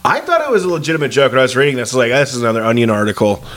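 A man with a mid-pitched voice chats casually about sports on a podcast. He laughs often and fills his talk with "like" and "dude.". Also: expressive, very fast, fairly bright tone. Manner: laughing easily, filler-heavy, says "dude" and "like". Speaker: podcast co-host.

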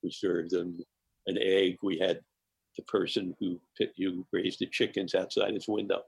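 Man with a deep husky voice, warm animated storyteller guest, dry close mic. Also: normal speed, no echo, low-quality recording. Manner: animated storyteller, laughs often. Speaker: guest chef. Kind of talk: personal anecdote in interview.

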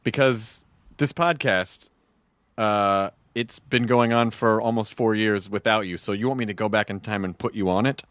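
A man's voice: on the low side, normal speed, a bit bright, dry recording. A man hosting a casual comedy podcast, bantering playfully and defending himself with jokes. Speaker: podcast host.

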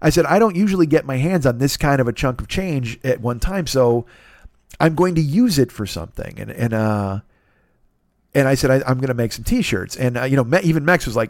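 A man's voice: mid-range voice, animated, fairly quick, darkish tone, dry recording, studio quality. A middle-aged man hosting his own podcast, talking alone in a rambling, profane, self-deprecating way. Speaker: podcast host. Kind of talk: solo podcast monologue.

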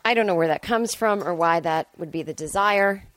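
Woman, low-ish voice, dry close mic, chatty rambling solo host who swears casually. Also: brisk, a bit bright, dry recording. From Boston area, US. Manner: rambling, chatty, self-deprecating, swears freely. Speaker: podcast host.

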